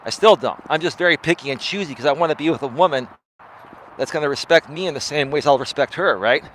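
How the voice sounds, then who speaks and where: A man's voice: on the high side, fast, fairly bright tone, slight background noise. A man in his forties, a life coach hosting a live stream, talking in a chatty monologue and tagging his lines with "right?".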